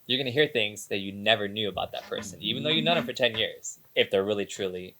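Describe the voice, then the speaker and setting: A man's voice: lowish voice, quick pace, pushed and bright, a little hiss or hum. Emphatic man on a casual podcast. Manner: emphatic, repeats phrases, acts out his own thoughts. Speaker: podcast co-host, dance company member.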